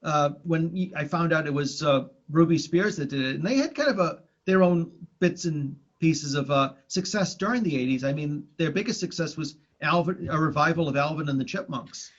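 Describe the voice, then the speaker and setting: A man with a slightly raised pitch talks casually on a podcast, circling his points with fillers and restarts. The recording sounds dull and lo-fi. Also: moderate pace, few pauses. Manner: rambling, many restarts and fillers. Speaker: podcast co-host. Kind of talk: casual chat about old cartoons.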